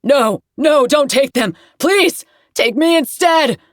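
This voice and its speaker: A woman's voice: high voice, animated, slow pace, no echo, clean studio sound, pitched above the performer's own voice. A woman voicing a terrified man who screams desperate pleas while caught in a trance. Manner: desperate pleading shouts.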